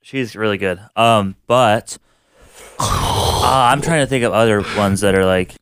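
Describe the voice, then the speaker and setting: Laid-back young man with a smooth low voice. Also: a little slow, a bit bright, no echo, clean studio sound. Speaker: podcast co-host. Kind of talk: casual chat.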